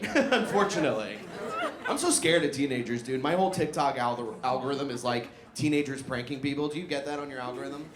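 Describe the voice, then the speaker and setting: A young man performing a profane stand-up comedy set, laughing through his punchlines. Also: fairly high pitch. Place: comedy club in a barbershop. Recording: echoey room with audience noise.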